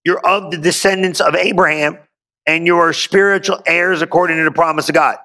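A man's voice: on the high side, fairly even intonation, brisk, bright, forceful tone. A male pastor preaching a sermon, reading scripture aloud and breaking in with exuberant call-and-response asides.

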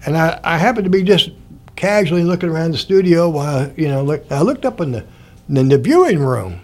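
An older man from Indiana rambles casually through stories from his life, chuckling often and acting out the people he quotes. His voice is on the high side, expressive, and fairly quick.

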